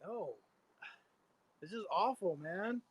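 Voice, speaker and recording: A man's voice: high voice, animated, takes it slowly, husky, no echo, low-quality recording. A man co-hosting a homebrew show, chatting casually on a live stream in a laid-back way and often calling people "man".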